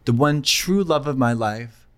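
Animated man in playful chat. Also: a little slow, smooth. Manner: playful, bursts into high shrieks and laughter. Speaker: co-host. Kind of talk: casual chat.

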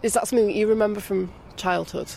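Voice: mid-range voice, steady tone, fast talker, vocal fry, mellow, slight background noise. An interviewer asking conversational questions outdoors beside a church.

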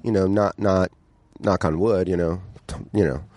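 Low-voiced, candid male podcast guest. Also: fairly even intonation, moderate pace, darkish tone, dry recording. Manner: candid and blunt, swears, acts out quotes. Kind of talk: casual podcast chat.

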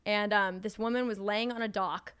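A young adult American woman, a wedding photographer guest, telling stories in an animated casual way, full of likes and swearing. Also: mid-range voice, moderate pace, smooth. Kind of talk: casual chat.

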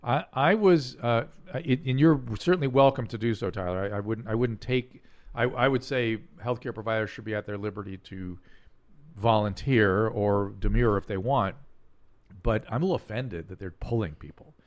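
An older man with an even, middle-pitched voice talks as a physician host. He speaks earnestly and explains things, often stumbling over his words and restarting before he reaches his point. The delivery is loose, conversational podcast chat. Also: normal speed. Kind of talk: casual chat and call-in advice.

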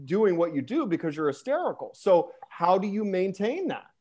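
A man's voice: high voice, very animated, moderate pace, a little mellow, husky. A man co-hosting a podcast in a casual chat, rambling and joking. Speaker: podcast co-host.

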